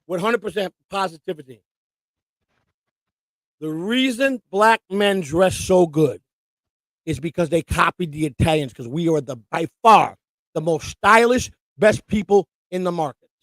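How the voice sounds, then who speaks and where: A man's voice: high voice, a little slow, dry recording. A man co-hosting a live stream, telling rambling, profane stories and restarting his sentences often. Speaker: co-host and storyteller. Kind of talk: casual chat, rambling anecdotes. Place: home live-stream setup.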